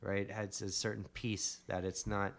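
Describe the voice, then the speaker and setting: A man with a fairly low voice tells a story on a podcast, rambling and circling back on himself. He speaks casually and hits certain words with sudden emphasis. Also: a little slow, creaky. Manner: animated, rambling, with emphatic bursts. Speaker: podcast guest.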